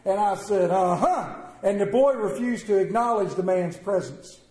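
A man preaching a sermon, telling stories and swinging between quiet and loud delivery. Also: high-pitched, animated, moderate pace. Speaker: pastor. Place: church sanctuary. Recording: roomy church echo.

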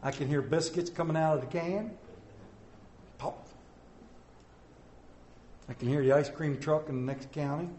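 High-voiced preacher in an echoey church. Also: male voice, measured pace, pauses often, a little hiss or hum. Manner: storytelling, swinging between soft and loud. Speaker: pastor. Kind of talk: sermon.

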